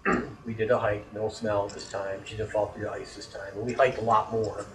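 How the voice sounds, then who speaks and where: A man's voice: lowish voice, a little fast, roomy sound, recorded from a distance, rough recording. Profane rambling man telling a story. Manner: profane, rambling, animated when annoyed. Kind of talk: casual storytelling on a podcast.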